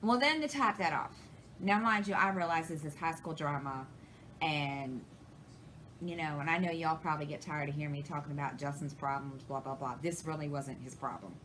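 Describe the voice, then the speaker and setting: A woman's voice: low voice, normal speed, a bit bright, slight background noise, rough recording. A woman, chatting casually to her viewers and rambling through a family story, acting out past conversations. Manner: rambling, retells conversations, many restarts. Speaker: crafting channel host.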